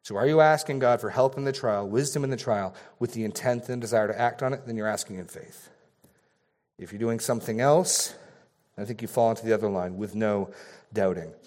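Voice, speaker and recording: An earnest male preacher with a mid-pitched voice, teaching through a sermon. He gets louder and softer to stress his points, often dropping to a quiet level. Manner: earnest, varies loudness for emphasis. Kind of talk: expository sermon.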